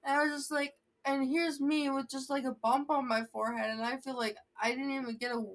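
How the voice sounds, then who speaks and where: A woman's voice: sits high, flat delivery, brisk. A young woman vlogger telling a rambling story, often sidetracking and restarting her sentences. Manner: rambling, sidetracked, self-interrupting.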